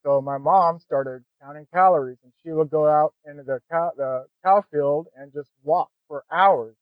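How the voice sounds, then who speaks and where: A man speaks as a podcast guest, recounting his life plainly and candidly. His voice sits a little high for a man and comes through dry and narrow, like a phone call. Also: normal speed, no room sound. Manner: earnest and candid, says "man" and "you know" often. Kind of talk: conversational storytelling.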